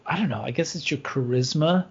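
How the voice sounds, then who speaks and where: A man's voice: fairly high pitch, a little fast, a crowd in the background. A middle-aged man co-hosting a podcast in casual chat, telling self-deprecating stories about his kids. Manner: joking, self-deprecating storyteller. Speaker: podcast co-host. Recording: dull lo-fi podcast audio.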